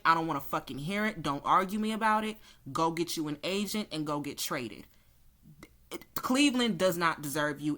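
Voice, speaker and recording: Tarot reader, woman, lowish bright forceful voice, blunt profane ranting. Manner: blunt, heated, cussing freely.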